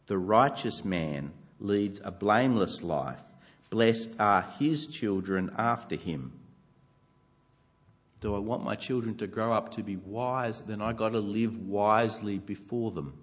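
A man's voice: fairly low pitch, a little slow, lo-fi sound. A man preaching a sermon, earnest and conversational with light self-deprecating humor. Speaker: pastor.

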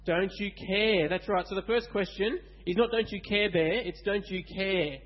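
A man gives a lively children's Bible talk in church and keeps asking the kids questions. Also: sits high, normal speed, muffled recording. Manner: animated, asks kids questions.

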